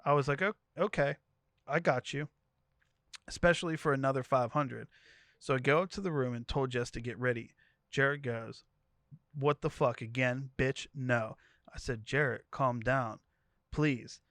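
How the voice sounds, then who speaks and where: A man's voice: mid-range voice, normal speed, fairly bright tone, no room sound. A man co-hosting a podcast, reading a profane story thread aloud and quoting each character in turn. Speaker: podcast co-host.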